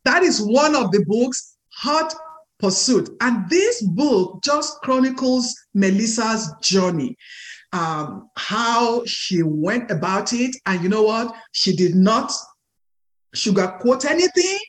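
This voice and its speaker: A woman hosting a podcast, urging listeners on with emphatic, encouraging exclamations. Her voice sits a little high and swings widely in pitch. She speaks at an unhurried, deliberate pace. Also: big pitch swings. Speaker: podcast host. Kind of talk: interview podcast.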